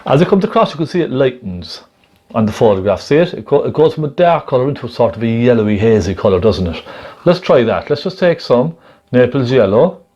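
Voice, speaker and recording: A man gently demonstrating a painting technique step by step, chatting and checking in with the viewer as he works. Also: medium pitch, sing-song, fairly quick, highs cut off. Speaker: painting instructor.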